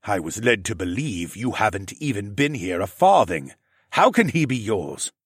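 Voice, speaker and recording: A man voicing a formal, aloof male dinosaur-man who speaks in stiff, measured phrases. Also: fairly low pitch, very animated, husky, dry recording, clean studio sound, heavily acted. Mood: cold.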